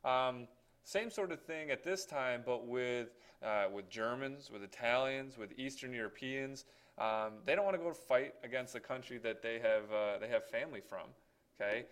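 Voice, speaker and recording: A man's voice: mid-range voice, moderate pace, smooth. A man teaching a history lesson, talking casually with many fillers and checking in with "okay?". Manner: conversational, many fillers and tag questions. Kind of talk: classroom history lecture.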